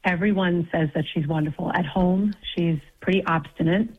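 A woman calls in to a radio show, hesitant, with frequent ums and small laughs. Her voice is lowish for a woman. It comes through a dull, lo-fi phone line. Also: steady tone, normal speed. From New York. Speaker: caller. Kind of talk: phone-in conversation.

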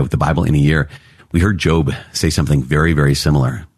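Deep husky man teaching scripture. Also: no echo, studio quality. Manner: earnest, excitable, quick asides with laughs. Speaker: priest. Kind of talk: prayer and Bible teaching podcast.

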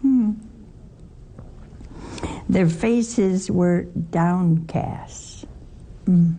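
A woman teaching a Bible study in a lively way, asking her listeners questions and adding wry humor. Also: fairly low pitch, drawn-out words, long pauses, a little hiss or hum.

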